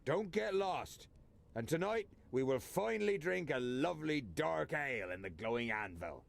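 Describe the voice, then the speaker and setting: An actor playing a boisterous, grizzled male dwarf warrior twin in a fantasy video game, with a hearty, gravelly voice. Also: on the high side, lively intonation, moderate pace. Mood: jovial.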